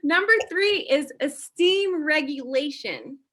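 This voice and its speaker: A woman's voice: high voice, expressive, takes it slowly, sharp tone. A woman who is a guest on a podcast, walking through a numbered list of points in casual conversation. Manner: explains points from a numbered list, says "mm-hmm" often while listening.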